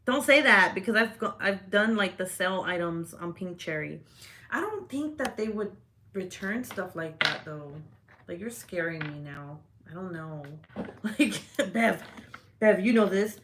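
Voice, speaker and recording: A woman's voice: medium pitch, animated, measured pace, a bit bright, a little hiss or hum. A woman hosting a casual livestream chat, laughing often and swearing freely as she reacts to comments. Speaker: livestream host. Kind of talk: casual live-stream chat.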